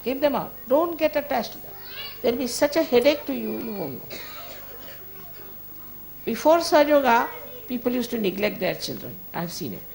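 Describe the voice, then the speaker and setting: A woman's voice: a little high, sing-song, normal speed, creaky, long pauses, a little mellow. A woman giving an informal spiritual talk as a teacher, conversational and firm, chiding at times and often laughing.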